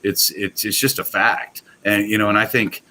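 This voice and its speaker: This man, a guest on a casual podcast who owns a pool products company, has a lowish voice with fairly even intonation and a normal speaking speed. His tone is bright and forceful. He rambles enthusiastically, restarting often, and the low-quality recording carries slight background noise.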